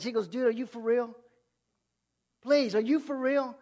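A man preaching a sermon with passion, repeating phrases and swinging between loud outbursts and hushed lines. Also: very high voice, moderate pace.

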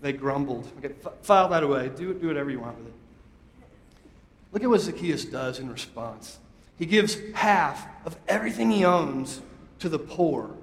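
Man, pastor, sermon, emphatic and conversational, slightly high pitch, roomy echoing sanctuary. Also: animated, normal speed. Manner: call-and-response, emphatic and conversational. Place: church sanctuary. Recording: echoey hall, long reverb.

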